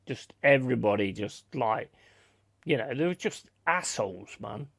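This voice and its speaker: A man's voice: medium pitch, lively intonation, moderate pace, gravelly, fairly bright tone, no room sound. A man chatting casually on a live stream, telling blunt, sweary stories and reading out viewers' comments. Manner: swears freely, blunt storytelling, reads out chat comments.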